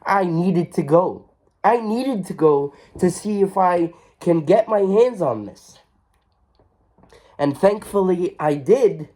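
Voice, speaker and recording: Slow, earnest man vlogging. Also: high-pitched, animated, dark tone. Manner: earnest, heartfelt, repeats phrases. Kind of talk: emotional vlog reflection.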